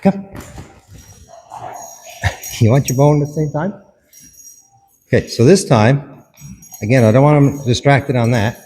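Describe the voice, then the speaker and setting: A man's voice: mid-range voice, measured pace, pauses often, warm tone, faint music behind. Man coaching dog training in an echoey space. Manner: instructive, short commands to the dog. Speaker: dog behaviourist. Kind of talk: hands-on training demonstration.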